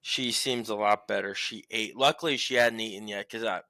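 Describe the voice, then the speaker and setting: Brash, bright-voiced young podcast co-host. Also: male voice, fairly low pitch, moderate pace, dry recording. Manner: profane, rambling, animated storytelling. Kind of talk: casual sports podcast chat.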